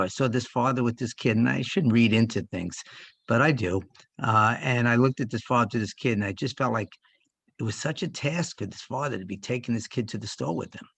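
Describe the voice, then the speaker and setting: Older guy in a church circle, heartfelt and halting, lots of ums, dry close sound. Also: lowish voice, gravelly, a bit bright, slightly rough, dry recording. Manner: halting and heartfelt, with many pauses and fillers. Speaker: discussion participant. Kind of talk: personal reflection in a faith group discussion.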